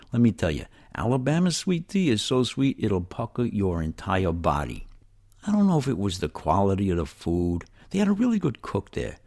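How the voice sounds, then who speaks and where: A man's voice: low-pitched, a little mellow. An older man with a New York accent telling his life story in a folksy, conversational way, talking straight to the listener. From New York City. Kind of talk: storytelling narration.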